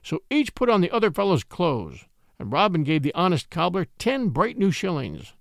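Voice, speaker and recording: A man narrating a classic storybook with an expressive, lively reading. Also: sits high, normal speed, vocal fry, no room sound, studio quality. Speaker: audiobook narrator.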